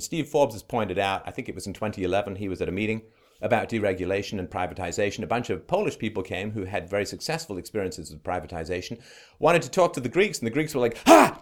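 A man giving an emphatic, sarcastic opinionated monologue as a political commentator. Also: fairly low pitch.

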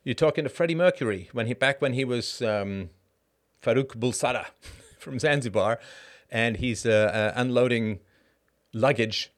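A middle-aged man hosting a casual solo monologue, animated and rhetorical, with short laughs and frequent asides of "right?". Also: medium pitch, moderate pace. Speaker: podcast host.

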